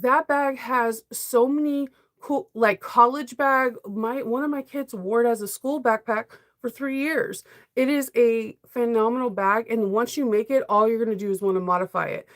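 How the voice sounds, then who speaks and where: A chatty middle-aged woman who hosts a sewing livestream. Her voice sits a little high, and she talks in a loose, casual way from her home sewing room. She laughs easily and gets emotional. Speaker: sewing vlogger.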